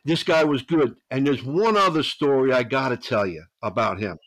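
A man, a veteran pitching coach, telling rambling stories as a podcast guest, with frequent restarts and 'you know's. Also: moderate pace, a bit bright, dry recording, rough recording. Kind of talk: storytelling podcast interview.

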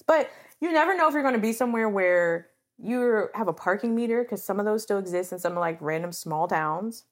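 A woman's voice: medium pitch, lively intonation, fairly quick. Rambling woman podcast co-host. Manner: rambling, trails off and restarts. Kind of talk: casual chat.

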